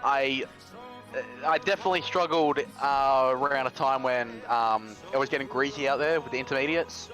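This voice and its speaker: A man talking through his race in a relaxed, chatty way, with lots of ums. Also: medium pitch, moderate pace, faint music behind, poor audio. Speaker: sim racing driver. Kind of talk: casual post-race interview.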